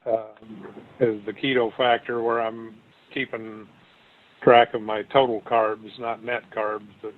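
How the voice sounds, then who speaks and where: Sounding tinny as though on a phone line, a guest with a low-leaning voice talks about his weight loss in a flat, slightly slow delivery. He rambles casually, restarting often and leaning on fillers.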